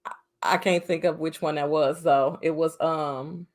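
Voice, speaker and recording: A woman's voice: low voice, steady tone, unhurried. A woman co-hosting a casual movie review podcast, talking in an emphatic, chatty way with exasperated asides. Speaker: podcast co-host.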